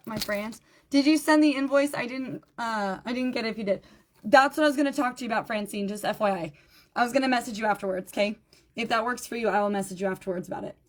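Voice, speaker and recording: A tired, low-energy woman chatting through a live-stream jewelry sale, greeting viewers by name and repeating item numbers. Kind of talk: live-stream sales chat.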